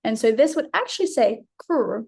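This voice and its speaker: A woman's voice: on the high side, big pitch swings, normal speed, gravelly, darkish tone, breathy edge. An Australian woman tutoring a child through a phonics lesson, patient and encouraging. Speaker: reading tutor.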